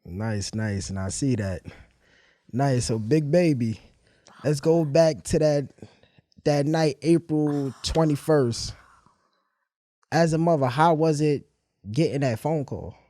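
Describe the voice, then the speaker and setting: A man's voice: a little high, takes it slowly, long pauses, warm tone, no room sound, clean studio sound. A young man hosting an interview with his mother, asking easygoing, casual questions.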